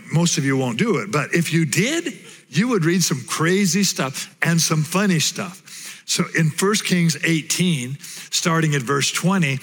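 A pastor preaching a sermon, telling a Bible story in an animated way and putting on playful voices for the characters. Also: male voice, fairly high pitch, creaky, in a large hall.

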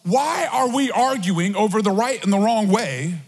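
High, husky-voiced man preaching in a hall. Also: unhurried. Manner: animated, joking, conversational preaching. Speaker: pastor. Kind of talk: sermon. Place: large church hall. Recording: long church hall reverb.

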